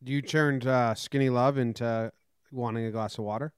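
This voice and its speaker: A man co-hosting a casual talk show, wry and animated, mock-singing snippets as he talks. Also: medium pitch, moderate pace, clean tone, no echo, clean studio sound. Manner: wry, animated storyteller, mock-sings bits. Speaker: podcast co-host. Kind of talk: casual chat.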